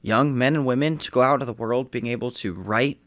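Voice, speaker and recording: Young man, student, earnest, reflective, mid pitch, dry close mic. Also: a little fast, a bit bright, no room sound. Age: young adult. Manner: earnest, reflective, some restarts. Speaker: graduating high school senior. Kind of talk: casual podcast interview.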